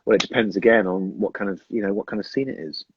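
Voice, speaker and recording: A man's voice: fairly low pitch, quick pace, a little hiss or hum. A man, an actor, chatting casually on a phone livestream, rambling and hesitant as he answers fan questions. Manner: rambling, hesitant, self-interrupting. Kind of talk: casual live-stream chat. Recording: dull lo-fi phone audio.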